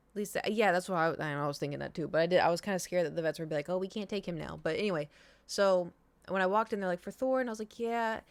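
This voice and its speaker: A woman's voice: fairly low pitch, no room sound. A young woman streamer telling a long personal story in casual chat, rambling with many fillers and restarts.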